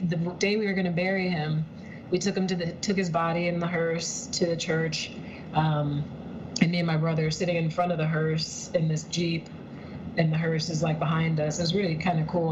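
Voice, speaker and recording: A woman's voice: deep voice, background noise. Chatty woman on a lo-fi video call. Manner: chatty, lots of "like" and "um", heartfelt. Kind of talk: casual personal storytelling. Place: at home in her apartment, heater running.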